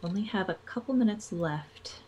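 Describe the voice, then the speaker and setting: A woman narrating a tabletop game as game master, relaxed, with frequent pauses and laughs. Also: medium pitch, breathy edge, rough recording.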